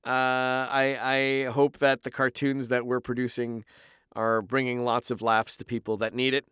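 A man's voice: medium pitch, normal speed, smooth, no echo, clean studio sound. A man from Canada, a voice actor, chatting animatedly in an interview and telling stories from the recording booth. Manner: animated storyteller, slips into impressions. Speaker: voice actor guest. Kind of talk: casual interview chat.

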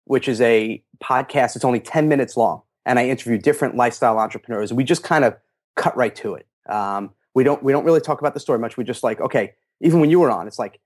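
A middle-aged man, a guest in a casual interview, telling animated stories and acting out quotes in a raised voice. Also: mid-range voice, fast talker. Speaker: interview guest, fitness marketer.

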